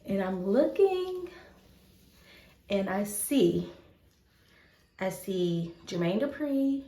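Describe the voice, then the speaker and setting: A woman vlogger telling a casual story, animated, acting out the people she quotes with gasps. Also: medium pitch, very slow, echoey room. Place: indoors, bathroom during hair care.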